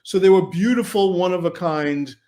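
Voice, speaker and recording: A man from Brooklyn, a film director, telling animated anecdotes as a podcast guest. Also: high voice, moderate pace. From Brooklyn, New York. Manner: animated anecdotes, quotes himself and others. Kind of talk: casual storytelling.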